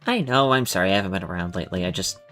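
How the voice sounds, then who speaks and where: A man voicing a shy, insecure young healer who talks softly and hesitantly, with faint music behind. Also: low-pitched, racing. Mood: anxious. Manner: soft, hesitant, self-doubting.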